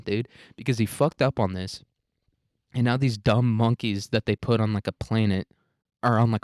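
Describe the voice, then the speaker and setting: A low-voiced man rambles through a profane comedy rant as a podcast host, piling up "dude" and restarts. The sound is close and dry with no room around it. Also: a little mellow, dry recording.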